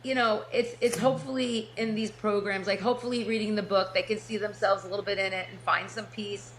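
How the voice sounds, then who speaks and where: A woman's voice: mid-range voice, steady tone, brisk, a little hiss or hum. A middle-aged woman from New Jersey with a New Jersey accent, a podcast guest and author telling her story in casual chat, laughing often and restarting her sentences.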